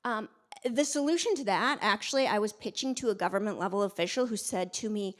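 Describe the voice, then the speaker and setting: A middle-aged woman giving a conference talk, emphatic and energetic, with many fillers and restarts. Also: medium pitch, fast. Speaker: conference speaker.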